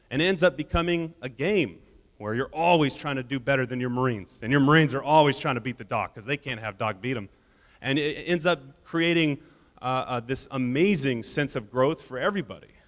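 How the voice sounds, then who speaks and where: Man giving a keynote in a reverberant hall. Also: on the high side. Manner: humorous storytelling, laughs at his own jokes. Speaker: keynote speaker. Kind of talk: motivational keynote speech. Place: conference hall stage. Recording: long reverb of a large hall.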